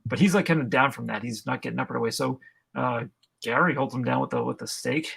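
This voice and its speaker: A man's voice: mid-range voice, fast talker, gravelly, fairly bright tone, breathy edge. A man co-hosting a podcast, casually recapping a horror film's plot with dry, laid-back jokes. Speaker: podcast co-host. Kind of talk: casual film review chat.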